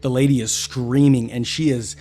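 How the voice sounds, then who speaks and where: A man's voice: medium pitch, level tone, moderate pace, warm tone, soft background music. A man running a tabletop fantasy game, describing scenes and calling for dice checks. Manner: theatrical, descriptive narration. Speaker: game master.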